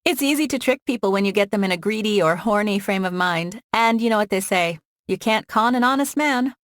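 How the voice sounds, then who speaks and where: A woman's voice: medium pitch, animated, fairly quick, dry recording, clean studio sound, pitched above the performer's own voice, natural voice. A woman voicing a playful young con-artist woman in an audiobook, talking in a breezy, teasing way.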